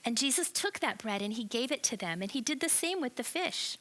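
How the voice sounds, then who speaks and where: Woman children's Bible teacher, lively storyteller, bright and fairly high. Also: a little fast, rough recording. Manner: animated, asks the children questions.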